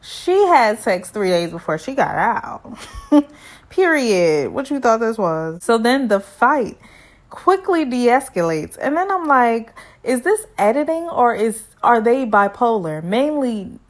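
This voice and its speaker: A woman's voice: fairly high pitch, takes it slowly. Sassy woman recapping reality TV. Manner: sassy, animated, lots of asides to viewers. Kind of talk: casual review commentary.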